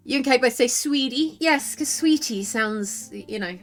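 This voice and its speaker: British woman streamer, chatty and giggly, mid-pitched, soft music behind. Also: animated, normal speed, hardly any pauses. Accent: British English. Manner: chatty, laughs often, tries out accents playfully. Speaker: livestreamer reading chat. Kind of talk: casual chat.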